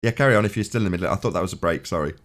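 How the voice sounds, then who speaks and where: Male host, very low voice, rapid delivery, jokey moderator of a group call. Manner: quick, joking, apologetic moderator. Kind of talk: casual group call discussion.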